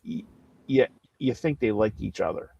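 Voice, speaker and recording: A man's voice: mid-range voice, moderate pace, creaky, breathy edge, no echo, muffled recording. A man co-hosting a casual movie podcast, telling stories animatedly and acting out quotes. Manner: animated storyteller, acts out quotes. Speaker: co-host.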